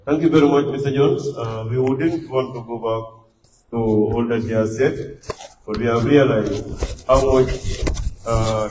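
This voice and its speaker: A man's voice: on the low side, mellow. A man working as master of ceremonies at a book launch, speaking formally with frequent hesitations. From Gambia. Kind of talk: formal event hosting. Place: event hall. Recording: echoey hall, distant mic, faint noise.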